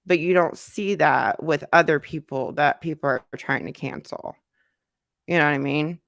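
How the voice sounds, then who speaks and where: A woman reads chat comments on a laid-back livestream while congested from a cold, speaking loosely with frequent fillers and repetition. She has a deep, gravelly voice with a fairly bright tone at a moderate pace, recorded in a studio with no echo.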